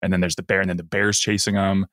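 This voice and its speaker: Podcast co-host, male, low-pitched, lively storyteller, dry recording. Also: fast, no echo. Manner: animated retelling, acting out lines in a raised voice. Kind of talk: casual chat recapping an episode.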